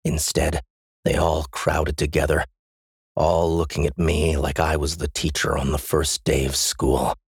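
Deep raspy guy narrating a scary first-person audiobook, tense and dramatic, dry mic. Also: flat delivery, a little slow, dry recording. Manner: tense, dramatic reading that grows frantic.

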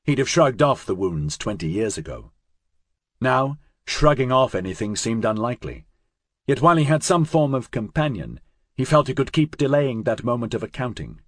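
A man reading a science-fiction audiobook in a measured, dramatic narration. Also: medium pitch, very animated, dry recording, clean studio sound.

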